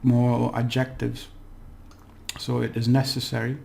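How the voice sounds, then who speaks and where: A man giving a relaxed, chatty language lesson, slowly repeating words for practice and laughing at his own slips. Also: medium pitch, vocal fry. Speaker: language teacher. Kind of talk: casual spoken language lesson.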